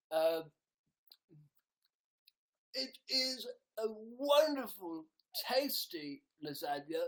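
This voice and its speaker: Man playing a pompous food reviewer, mock-grand, slow and formal. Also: high voice, sing-song, a bit bright, pitched above the performer's own voice, heavily acted, rough recording. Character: pompous male food blogger.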